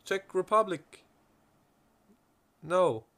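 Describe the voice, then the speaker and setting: A young man doing loud, excitable gaming commentary and swearing a lot. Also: sits high, very slow. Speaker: gaming YouTuber.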